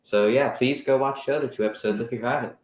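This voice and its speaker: A young man co-hosting a casual sports podcast, energetic and running the segments. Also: medium pitch, fast. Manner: energetic, runs the segments, lets out loud whoops. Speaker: podcast co-host. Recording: echoey room.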